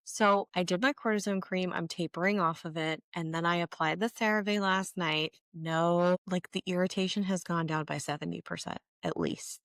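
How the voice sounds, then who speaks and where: A woman in her forties talks through her makeup routine in a candid, chatty way, with plenty of self-deprecating asides. Her voice sits low for a woman. The sound is dry and close, with no room around it. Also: no echo. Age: 40s. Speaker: beauty vlogger. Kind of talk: casual get-ready-with-me chat.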